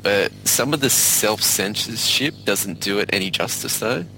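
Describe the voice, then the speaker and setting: A man giving a measured, thoughtful critique in a casual music review chat. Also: on the low side, bright, forceful tone, a little hiss or hum, low-quality recording. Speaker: podcast co-host.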